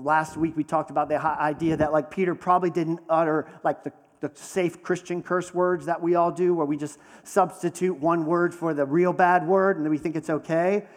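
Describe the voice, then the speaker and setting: A man preaching in a slightly high voice, telling the story conversationally and leaning into dramatic pauses. His voice carries a long reverb, as if he is speaking in a large hall. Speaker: pastor. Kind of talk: sermon.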